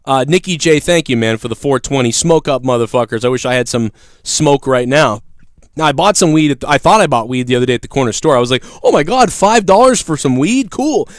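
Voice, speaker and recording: A man hosting a casual livestream, telling stories in a profane, animated way. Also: medium pitch, quick pace, dry recording, clean studio sound. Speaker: livestream show host. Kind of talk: casual ranting livestream chat.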